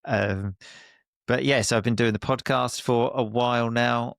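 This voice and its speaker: Essex guy, gravelly lowish voice, chatty and self-deprecating, laughs a lot, dry close mic. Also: fairly even intonation, measured pace, no echo. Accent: Essex English, softened. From Essex, England. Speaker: guest, English teacher and podcaster. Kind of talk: casual conversation.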